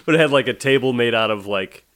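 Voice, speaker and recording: A man's voice: medium pitch, quick pace, fairly bright tone. A man co-hosting a casual drinks chat, rambling with frequent restarts and easy laughter. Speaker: podcast co-host.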